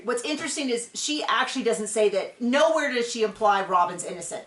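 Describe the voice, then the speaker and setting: This reality-TV recap host talks a little fast with few pauses, her fairly high voice expressive and fairly bright. She's chatty and opinionated, rambling through casual commentary full of fillers, and the room echoes around her.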